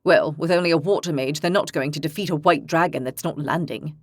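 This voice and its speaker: A woman voicing a brash, boastful young male dragon hunter in an audiobook, pitched a little lower than her narration. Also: brisk, no room sound, clean studio sound. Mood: blunt. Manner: boastful, blunt.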